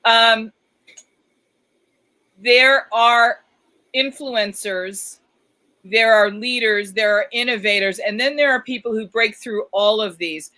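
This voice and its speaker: Woman, talk show host, bright forceful voice, theatrical, enthusiastic. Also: fairly high pitch, takes it slowly, long pauses, low-quality recording. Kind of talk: playful live talk show chat.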